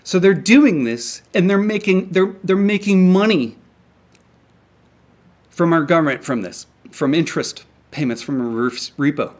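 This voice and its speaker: A man's voice: on the high side, measured pace. A young man angrily ranting to camera about markets, swearing often and stumbling over restarts. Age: young adult. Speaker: independent crypto commentator. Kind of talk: angry solo rant to camera. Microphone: camera mic.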